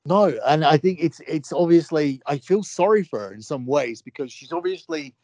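A man's voice: on the high side, lively intonation, normal speed, dark tone, no echo. Guy ranting on a podcast, swears a lot, keeps hammering his point, dry close sound. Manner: emphatic and profane, repeats phrases for force. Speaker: podcast guest. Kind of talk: heated casual chat.

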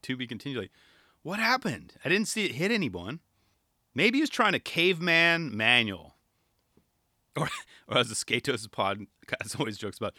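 A young man giving casual solo commentary on skateboarding, excitable and rambling, firing off rhetorical questions. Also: medium pitch, no echo, studio quality.

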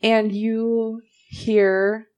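A woman narrating a tabletop game as game master, slow and easygoing, with small laughs. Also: on the high side, flat delivery, a little mellow.

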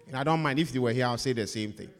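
A male pastor preaching a sermon, repeating his phrases and swinging between loud emphasis and hushed asides, recorded in a church hall. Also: mid-range voice, racing.

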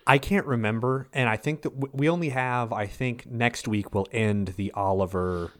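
A man's voice: medium pitch, normal speed, no echo. A man co-hosting a podcast in casual chat, laid-back and self-mocking. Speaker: podcast co-host. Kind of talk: casual chat recapping a TV episode.

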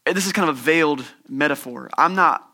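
A man preaching a sermon with a bright, forceful voice that sits a little higher than most men's. He talks in a loose, conversational way and slips easily into humor and animated stories. He sounds middle-aged. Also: brisk. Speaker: pastor.

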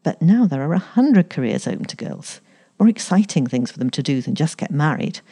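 A woman reading aloud who voices a headstrong, lofty young woman, a little higher than her narration. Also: very animated, fairly quick, dark tone, husky, full character voice. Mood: spirited.

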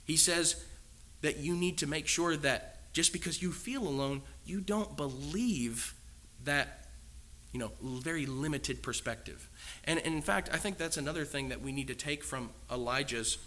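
A man's voice: fairly high pitch, normal speed, bright, forceful tone, slight background noise. A man preaching a sermon in an earnest, emphatic way, asking the congregation many rhetorical questions.

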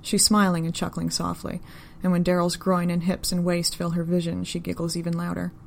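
A woman narrating a story in an even, unhurried, deadpan reading style. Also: on the low side, creaky, slight background noise.

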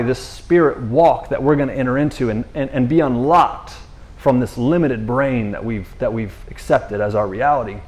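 Male preacher, mid-pitched, talks Scripture like casual chat, slangy with frequent restarts. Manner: slangy, conversational, restarts often. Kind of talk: casual sermon.

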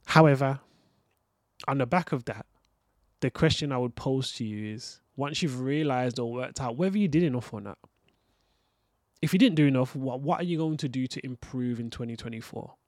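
A man's voice: medium pitch, normal speed, a little mellow, dry recording, clean studio sound. A young man hosting a motivational podcast monologue, earnest and reflective, talking straight to the listener. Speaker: podcast host.

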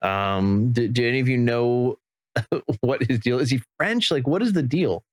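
A man hosting a casual movie chat, relaxed and enthusiastic as he plays clips. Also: mid-range voice, normal speed, no room sound. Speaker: podcast host and game master.

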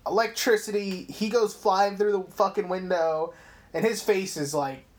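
With a high-pitched voice at normal speed, a young male podcast co-host recaps a movie on a laid-back film show. He rambles, swears plenty, and tells the story with animation.

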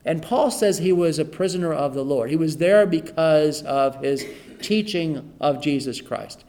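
There's a slight hiss or hum behind this middle-aged pastor's fairly high, darkish voice, and he speaks a bit slowly. Reading scripture in an informal Bible study, he explains it casually and repeats his phrases.

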